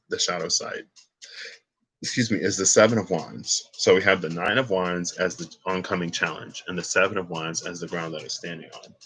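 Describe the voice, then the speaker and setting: On a rough recording, this man speaks low with a sharp edge while rambling casually through a tarot reading. He thinks aloud, drifts into asides, and breaks into laughter and exclamations between points.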